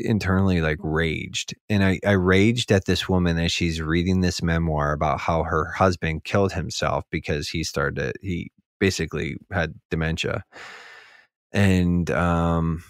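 A man's voice: sits low, no echo, clean studio sound. A man talking on a casual podcast, rambling with lots of filler words and getting heated as he goes. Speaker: podcast speaker.

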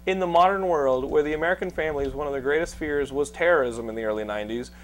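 A man hosting a podcast in casual chat, animated and teasing his guests. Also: a little high, fast talker, slight background noise. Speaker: podcast host.

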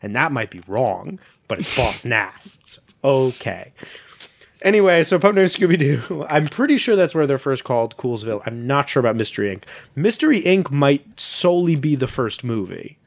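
Man, podcast co-host, very expressive pitch, teasing, swears a lot, dry close sound. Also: normal speed, creaky, no room sound. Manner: animated, teasing, swears freely. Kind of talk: casual chat.

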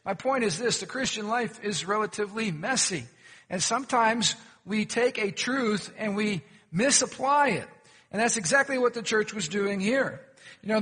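A man's voice: high voice, moderate pace, a bit bright, slightly rough, in a large hall. A pastor preaching a sermon, questioning his congregation and telling folksy jokes. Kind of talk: sermon with humorous stories. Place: church sanctuary.

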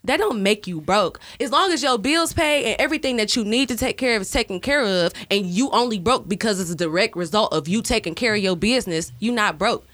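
A woman's voice: medium pitch, a bit bright. A woman guest on a podcast who defends her view insistently, often laughing as she talks. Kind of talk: casual podcast debate.

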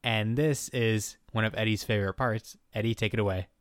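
A man's voice: fairly low pitch, steady tone, fairly quick, dry recording. Dry-sounding man, joking recap host. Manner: joking, laid-back storyteller. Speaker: podcast co-host recapping a TV episode. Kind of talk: casual comedic recap chat.

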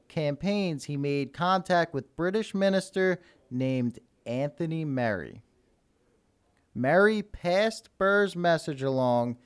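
A man with a smooth, slightly raised voice reading history notes on a podcast. He reads steadily and breaks off now and then for offhand remarks. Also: on the high side. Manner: reads the script steadily, then drops into casual asides. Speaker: podcast host.

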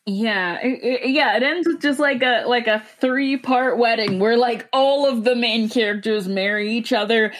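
Slightly high-voiced exasperated woman. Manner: halting, stumbling restarts, exasperated. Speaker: podcast co-host. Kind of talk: casual movie review chat.

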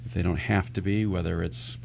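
A man with a low, gravelly voice hosts a radio talk show as a financial advisor. He explains things earnestly, restarting his sentences often as he goes. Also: steady tone, a little fast, darkish tone, slight background noise.

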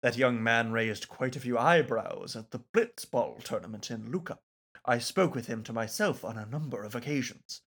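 A rambling, forgetful old scholar who drifts through long explanations, as a man reads his game lines. The delivery is measured and soft, with a bright edge to the tone. The pitch wanders up and down freely. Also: expressive, husky. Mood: musing. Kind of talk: reading game dialogue aloud.

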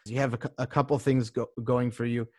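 A man's voice: mid-range voice, flat delivery, a little fast, darkish tone, dry recording, clean studio sound. A man coaching a client in a casual conversation, talking thoughtfully with many restarts and fillers.

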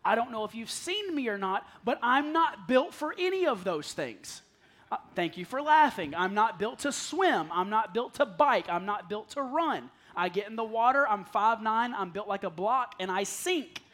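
High-voiced pastor preaching with humor. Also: male voice, moderate pace. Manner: lively storytelling with self-deprecating humor; acts out quoted voices, dropping to soft pleading. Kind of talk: sermon. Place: church sanctuary with congregation.

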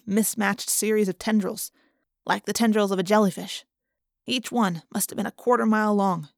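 A woman narrates a first-person audiobook in a steady, measured way. Her pitch is mid for a woman. The recording is close and dry, with no room sound. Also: creaky, no room sound.

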